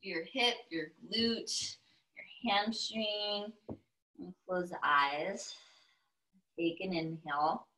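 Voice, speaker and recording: A young woman with a Texan accent, a yoga instructor giving calm step-by-step cues with playful asides. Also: on the low side, very slow, long pauses, rough recording. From Texas, US. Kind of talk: guided yoga class cues.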